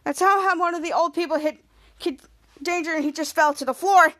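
A woman's voice: very high-pitched, brisk, fairly bright tone. A woman podcast host casually recapping a TV episode, rambling with frequent restarts.

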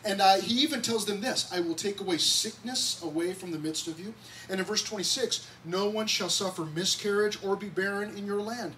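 High-voiced excitable pastor preaching. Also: male voice, fairly quick. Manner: excitable, conversational preaching with frequent restarts. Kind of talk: sermon. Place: church sanctuary. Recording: distant mic, faint background noise.

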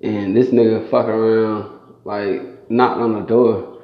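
A man's voice: fairly low pitch, flat delivery, slow. A young man telling rambling, profane street stories in a casual way. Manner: rambling, profane street storytelling with frequent laughs. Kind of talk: casual storytelling. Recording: echoey room, dull lo-fi sound.

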